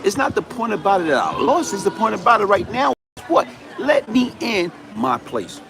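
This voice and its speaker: High-voiced New man telling his story. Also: sing-song, normal speed, creaky, fairly bright tone, faint music behind. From New York City. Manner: emphatic street-slang storytelling, repeats "you know what I'm saying". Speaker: livestream host. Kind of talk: live-streamed personal storytelling.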